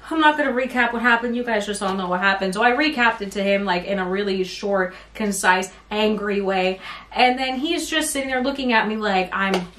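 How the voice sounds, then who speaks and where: A woman's voice: medium pitch, brisk, fairly bright tone, a little hiss or hum. A young woman vlogger telling a rant-style story time, rambling and exasperated as she recounts what happened. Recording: roomy sound from a bit off mic.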